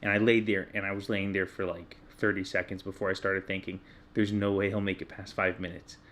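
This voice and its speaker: A man in his thirties telling a personal story in casual chat, candid and self-deprecating, getting animated when he retells his own yelling. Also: low voice, a little fast, a little hiss or hum. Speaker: podcast co-host.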